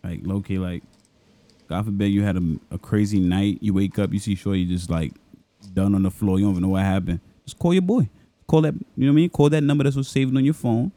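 A man's voice: on the low side, steady tone, a little fast, dark tone, no room sound. A young man in casual podcast chat, telling stories and mimicking other people's voices. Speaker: podcast co-host.

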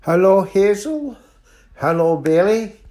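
A man's voice: high voice, animated. An older man with a Scottish accent reading a bedtime story aloud to his grandchildren. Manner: very slow, warm lilting storytelling.

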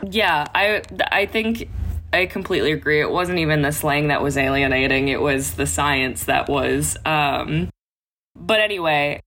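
A woman co-hosting a podcast in casual book chat, chatty and quick to laugh, often trailing off mid-thought. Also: sits low, a bit bright. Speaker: podcast co-host.

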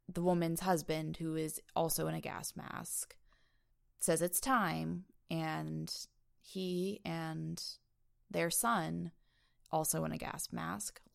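Woman, gravelly low voice, casual film chat, lively retelling. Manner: animated, retells scenes in detail. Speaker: podcast co-host.

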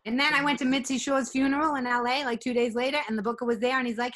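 A woman comedian telling a story in casual chat, animated and profane, acting out each side of it. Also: sits high, very fast, hardly any pauses. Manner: animated, profane, acts out both sides of a story. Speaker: stand-up comedian, guest.

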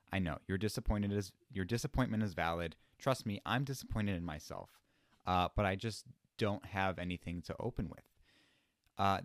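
Man, young adult, solo podcast host, excited, self-deprecating, rambling, low-ish voice. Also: dry recording, clean studio sound.

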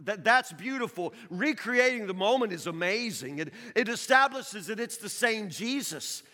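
A man's voice: sits high, animated, normal speed, sharp tone. A man preaching a sermon in a conversational, questioning way, repeating his points for emphasis. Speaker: pastor. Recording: long reverb of a large hall.

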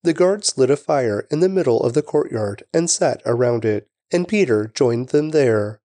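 A man giving a steady, reverent scripture reading. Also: medium pitch, normal speed, no room sound. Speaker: scripture reader.

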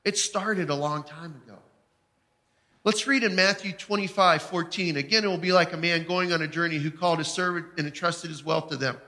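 A man with a high, bright voice preaches a sermon, telling his story with emphatic feeling. His voice carries a long reverb, as if in a large hall. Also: steady tone, a little fast.

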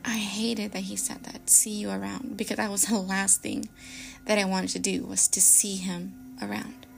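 Gravelly young woman reading scary stories. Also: medium pitch, little pitch movement, normal speed, faint music behind. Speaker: podcast host.

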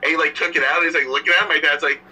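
A man guesting on a casual podcast, telling an anecdote in a halting way with restarts. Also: fairly high pitch, fairly even intonation, pushed and bright, husky, poor audio.

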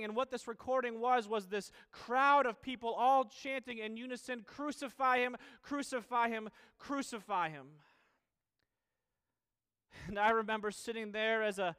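High-voiced earnest male preacher. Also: fairly bright tone, clean tone. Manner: earnest, repeating questions with restarts and pauses. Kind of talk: sermon.

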